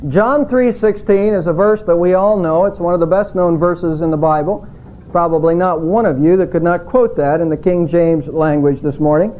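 A middle-aged male pastor preaching a sermon in a measured way, slowing down when he quotes scripture. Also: high-pitched, darkish tone, lo-fi sound.

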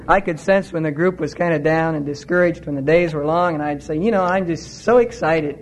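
Speaking fairly quickly and with earnest conviction, a middle-aged male preacher gives a sermon in a notably high voice. His pitch rises even higher when an idea excites him, and he shifts between instruction and heartfelt emphasis. There is slight background noise.

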